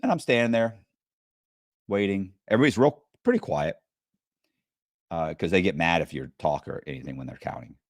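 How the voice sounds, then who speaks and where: Lively low-voiced man telling stories. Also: fairly quick, long pauses, no echo, clean studio sound. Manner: profane, animated retelling. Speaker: guest. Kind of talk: casual storytelling.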